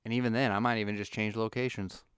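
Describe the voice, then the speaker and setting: A man on a comic rant with a very crisp, clean voice, recorded close and dry. He swears freely and keeps working himself up into mock outrage. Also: on the low side, little pitch movement, fast talker, fairly bright tone, dry recording. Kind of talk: ranting monologue.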